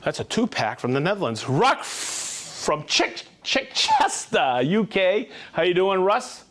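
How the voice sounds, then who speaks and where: Brief: male live-stream host, high-pitched, upbeat and jokey, rattles off viewer shout-outs. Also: big pitch swings. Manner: upbeat, quick, jokey, greets viewers by name and town.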